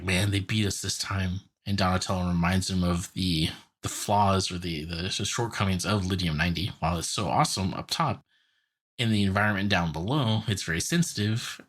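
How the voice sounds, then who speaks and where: A man's voice: low-pitched, a bit bright, slightly rough. A young man co-hosting a casual podcast, animatedly retelling a cartoon episode with lots of filler words. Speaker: podcast co-host.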